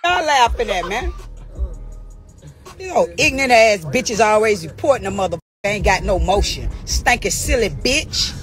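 A woman's voice: medium pitch, expressive, normal speed, faint music behind. A middle-aged woman livestreaming a profane, taunting rant, drifting into sing-song mockery. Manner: profane, taunting, heated trash talk. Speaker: social media personality.

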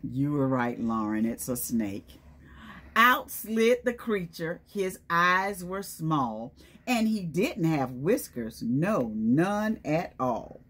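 A woman reads a storybook aloud to preschoolers in a slow, sing-song voice that swoops up and down. Her tone is a little low and breathy. She keeps stopping to quiz the little ones by name. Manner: animated, questioning the children and calling on them by name. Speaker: children's storytime presenter. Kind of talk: reading a picture book aloud to young children.

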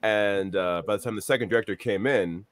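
A man, a voice actor guest, telling a joking, animated anecdote on a panel. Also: lowish voice, a little fast, no echo. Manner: animated, joking storyteller, laughing.

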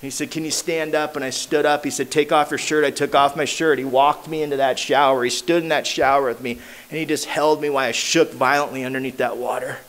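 A man speaking at a recovery meeting, telling his own story in a casual, slangy way and going quiet at the hard parts. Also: medium pitch, fairly even intonation, fast, few pauses. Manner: casual, slangy storytelling, dropping to a hushed voice at emotional moments. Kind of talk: personal recovery story told to a crowd. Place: meeting hall.

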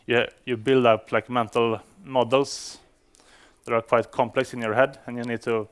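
In a developer conference talk, a Swedish man speaks non-native English with frequent fillers, restarts and general hesitancy. His voice sits mid-range and smooth, moving at a moderate pace with little pitch movement.

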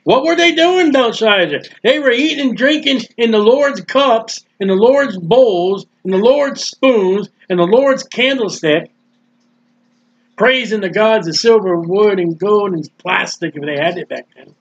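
Man preaching a sermon, high voice, animated and joking, muffled lo-fi recording. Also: unhurried, breathy edge. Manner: animated, jokey, acts out scenes. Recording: dull lo-fi sound.

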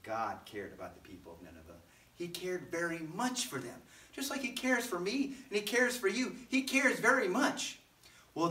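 A man's voice: a little high, a bit bright. A man leading a children's church service, telling a Bible story in a playful way with sound effects. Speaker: children's pastor. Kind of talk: animated Bible storytelling for kids. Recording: roomy, from mic distance.

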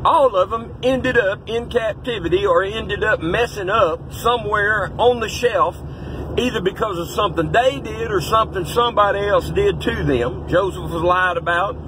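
A middle-aged male pastor, giving a fiery, folksy pep talk that rises to shouts. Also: high-pitched, normal speed, background noise. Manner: folksy, blunt, rising to shouts.

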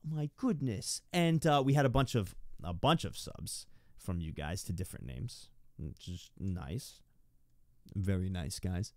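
A man's voice: lowish voice, lively intonation, moderate pace, a little mellow, dry recording, studio quality. A young man streaming from home, rambling and stammering as he thanks his viewers. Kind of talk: live stream chat.

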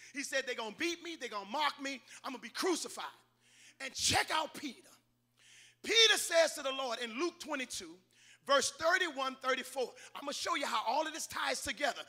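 A man preaching a sermon, calling on the congregation and rising to shouted climaxes. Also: extremely high pitch. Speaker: pastor. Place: church sanctuary.

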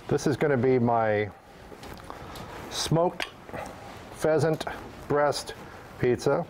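A man's voice: a little high, darkish tone, a little hiss or hum. A man hosting a cooking show, talking folksy and chatty while he makes pizza. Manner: chatty, folksy kitchen talk. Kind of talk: upbeat cooking demonstration.

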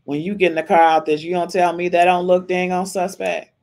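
A woman's voice: fairly low pitch, little pitch movement, brisk, a little mellow. A woman hosting a podcast, giving casual reaction commentary on a livestream in an emphatic, chatty way and often tossing in a questioning "okay?". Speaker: podcast host.

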